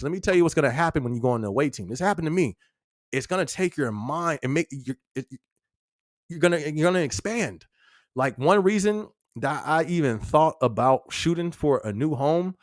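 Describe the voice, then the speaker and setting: Energetic laughing man on a live podcast. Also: a little high, dry recording, clean studio sound. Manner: energetic, laughing often, slangy and loose. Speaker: podcast host. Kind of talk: casual live-stream chat.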